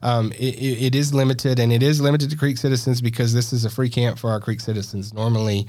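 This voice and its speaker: A man's voice: mid-range voice, fairly even intonation, fast, a little mellow, no echo. Chatty man co-hosting a podcast. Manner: chatty, laughs often, many fillers and restarts. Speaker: podcast co-host. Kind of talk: casual chat. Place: podcast studio.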